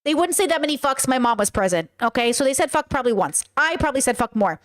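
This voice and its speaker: A woman's voice: high-pitched, big pitch swings, fast. A woman hosting her own show, telling a personal story in a casual, candid way, swearing freely and answering her chat. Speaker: streamer reacting to live chat.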